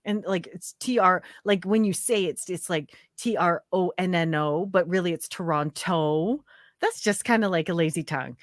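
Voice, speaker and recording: A woman chatting as a guest in an animated, giggly way during a casual live conversation. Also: fairly low pitch, moderate pace, no echo.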